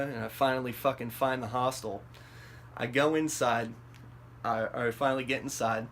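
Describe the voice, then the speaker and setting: A man's voice: mid-range voice, fairly even intonation, moderate pace, fairly bright tone. A man with a mid-range voice spins a long personal story, swearing freely and stumbling through ums and restarts. His voice springs up when he acts out his own panic. A faint room hum sits under him. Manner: rambling and profane, many fillers and restarts. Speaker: vlog host telling a story. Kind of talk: casual storytelling.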